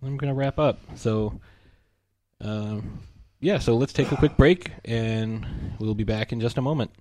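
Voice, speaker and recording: A man's voice: medium pitch, measured pace, no echo. Swearing podcast guy, dry close mic. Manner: animated retelling with quoted voices and swearing. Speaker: podcast co-host. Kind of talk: casual movie discussion.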